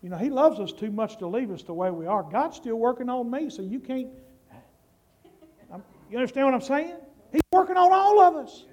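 A man preaching a sermon, slow and emphatic, building up to shouts. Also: very high voice, lively intonation. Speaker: pastor.

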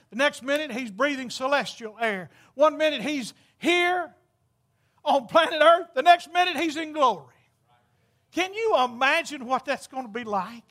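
A man's voice: very high voice, pushed and bright. A man preaching a folksy, exclamatory storytelling sermon, laughing at his own jokes.

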